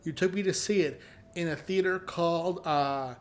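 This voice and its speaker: A man co-hosting a podcast, joking and teasing his co-host in casual chat, sometimes stammering when excited. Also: on the high side, normal speed.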